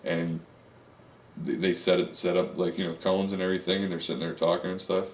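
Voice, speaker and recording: Male streamer, lowish voice, loose cursing ramble, roomy sound picked up from across the room. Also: flat delivery, a little fast. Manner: profane, rambling, full of fillers. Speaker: live streamer. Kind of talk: rambling live-stream monologue. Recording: echoey room, far from the mic.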